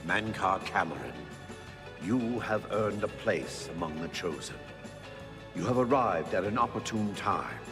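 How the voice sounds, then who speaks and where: A stern cult warden speaks from a shrine in a low, grave voice. His words come with long echoing reverb over loud game music. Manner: solemn, commanding, threatening.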